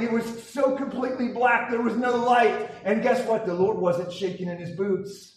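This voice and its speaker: Male charismatic preacher, high-pitched and emphatic; distant mic in a very echoey hall. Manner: emphatic, rousing, with repeated restarts. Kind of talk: fiery charismatic sermon.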